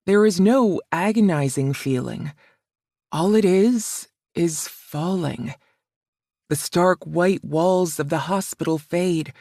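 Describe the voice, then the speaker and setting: A woman narrating a romance audiobook in the first person, with a soft, measured, emotional reading. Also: lowish voice, no room sound, clean studio sound.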